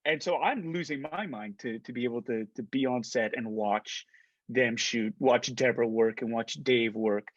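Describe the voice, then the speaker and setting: Speaking at a moderate pace in a medium-pitched voice, this middle-aged actor from Canada is a guest on a video call interview, animatedly telling casual stories full of stammering restarts and acted-out dialogue. There's no echo, but the high frequencies are cut off.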